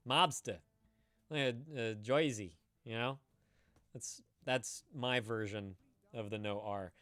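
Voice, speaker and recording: A man's voice: on the low side, fairly even intonation, a little slow, a bit bright, smooth, no room sound. A man chatting casually on a live stream, rambling, laughing and swearing as he answers viewers.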